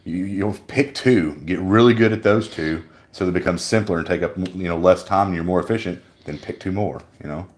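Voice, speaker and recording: Deep-voiced man giving calm advice. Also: brisk, few pauses. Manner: reflective, motivational, many fillers. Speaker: co-host, partner. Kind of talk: casual live chat.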